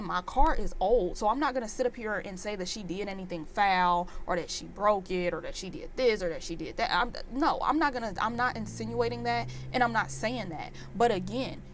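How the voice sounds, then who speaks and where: A woman in her twenties telling a storytime vlog in an animated, exasperated rant full of fillers. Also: medium pitch, slight background noise. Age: 20s. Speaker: vlogger.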